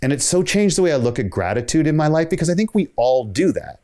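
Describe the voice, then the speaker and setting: A man's voice: on the high side, sing-song, quick pace, dark tone. A man giving a motivational keynote talk, telling a story conversationally and voicing the dialogue of the people in it. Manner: conversational, builds stories with quoted dialogue. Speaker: keynote speaker.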